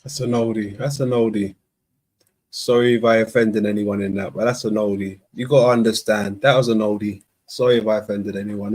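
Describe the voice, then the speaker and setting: A man's voice: on the low side, darkish tone, husky. A man from hosting a casual chat, easygoing, laughing often and giving short replies. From London. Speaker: host.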